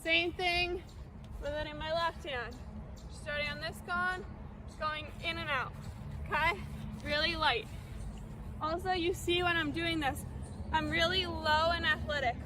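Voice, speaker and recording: Background noise surrounds this young woman as she coaches lacrosse outdoors in a very high, steady voice. She talks a little slowly with long pauses, explaining drills on the move and frequently checking "okay?" after each step.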